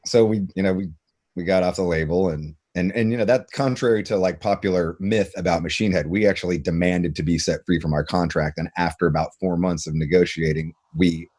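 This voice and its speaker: Profane, animated man telling stories. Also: deep voice, fairly quick. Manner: profane, animated, acts out quoted dialogue. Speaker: podcast host. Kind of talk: casual storytelling conversation.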